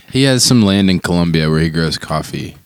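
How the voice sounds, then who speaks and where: Low-voiced man with dry jokes. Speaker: podcast guest. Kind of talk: casual podcast chat.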